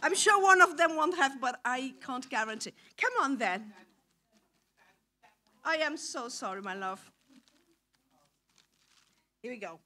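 A middle-aged Brazilian woman speaks with a high, bright voice. She takes her time, coaxing children playfully in a church talk. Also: animated, measured pace, long pauses. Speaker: visiting mission speaker. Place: church hall.

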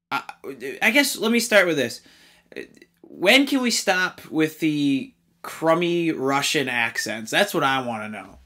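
Bright high-voiced man ranting a film review. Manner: exasperated, rambling with fillers and restarts.

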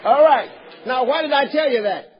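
A man from Nigeria preaching a sermon as pastor, animated, drawing responses from the congregation and rising to loud emphatic shouts. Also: very high voice, normal speed, dull audio, some chatter behind, slight background noise.

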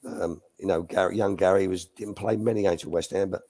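Older man, husky, mellow, rambling anecdotes. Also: low voice, steady tone, fairly quick. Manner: chatty, restarts sentences, acts out quotes. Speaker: former youth academy coach, guest. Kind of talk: anecdotal storytelling in a live Q&A.

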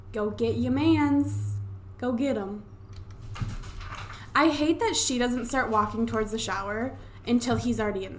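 A young woman giving casual, excitable gameplay commentary at home into a desktop microphone, swearing freely. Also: a little high, slight background noise. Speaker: let's play gamer. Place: home room. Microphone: desktop USB microphone.

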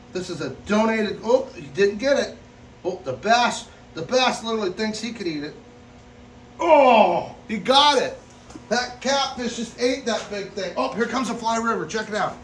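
Excited guy feeding fish at a pet shop, laughs a lot, yells oh, roomy echo. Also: high voice, slight background noise. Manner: excitable, bursts of laughter and loud exclamations. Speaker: exotic pet store host feeding animals. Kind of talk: casual vlog commentary. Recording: echoey room.

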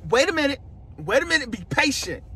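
A man vlogging casually from inside a car, excited and repeating himself as he teases an announcement to his viewers. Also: extremely high pitch, a little fast. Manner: excited, repetitive, keeps teasing an announcement. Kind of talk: casual vlog to camera. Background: faint car noise.

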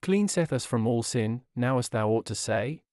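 A man's voice: medium pitch, lively intonation, moderate pace, darkish tone, clear, resonant tone, dry recording, studio quality, natural voice. A man reading the part of Mercy, a gracious female judge on a throne, in a solemn, commanding way.

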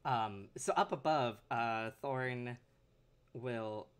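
A woman's voice: very deep voice, drawn-out words, clear, resonant tone. A woman narrating her character at a tabletop game, hesitant and full of fillers. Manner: hesitant, full of ums and likes. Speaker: tabletop player.

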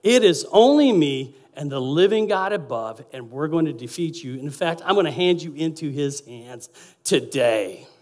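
A man's voice: a little high, lively intonation, normal speed, darkish tone, lightly acted. A man preaching a sermon, voicing a young male shepherd boldly declaring his faith to a giant. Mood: defiant. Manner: bold, declaring.

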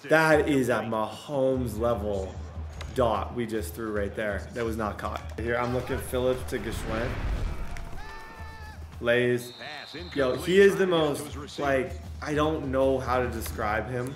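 A young man giving excitable commentary while playing a football video game, often bursting into loud shouts over big plays. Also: mid-range voice, slow pace. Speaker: gaming YouTuber. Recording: echoey room with game music behind.

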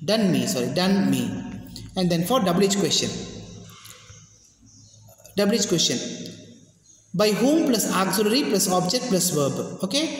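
A teacher giving a grammar lesson, working through examples and often checking that students follow. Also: medium pitch. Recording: very echoey room with long reverb.

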